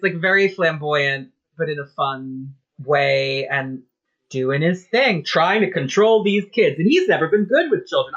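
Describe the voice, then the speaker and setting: A man's voice: a little high, fairly bright tone. Wry man on a dull lo-fi mic. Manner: wry, self-deprecating humor. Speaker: podcast co-host. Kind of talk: casual chat recapping comics.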